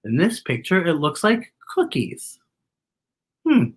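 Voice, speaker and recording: A woman's voice: lowish voice, sing-song, slow pace. A woman reading a picture book aloud to children, with chatty asides about the illustrations. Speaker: children's story reader.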